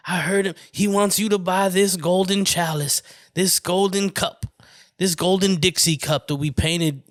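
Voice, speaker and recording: Man doing a greasy preacher voice, higher than his own, pushing holy junk with mock piety. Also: no echo, studio quality, close to an everyday voice. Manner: preachy, mock-pious sales pitch. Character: greedy Southern male televangelist hawking relics.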